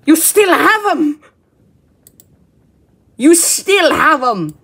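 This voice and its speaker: A woman's voice: high voice, sing-song, very slow, a bit bright. A woman giving casual, exasperated reaction commentary, laughing and swearing freely. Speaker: video reactor.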